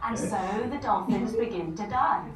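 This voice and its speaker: A woman's voice: medium pitch, expressive, normal speed. A woman leading a children's yoga story at a day camp, telling it playfully and leading chants and movements. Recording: echoey room, distant mic, background noise.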